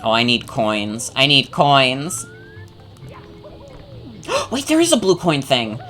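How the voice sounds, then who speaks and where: Low, lively woman streamer. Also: takes it slowly, soft background music. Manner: chatty, joking, swears freely. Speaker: game streamer. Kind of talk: casual gameplay commentary.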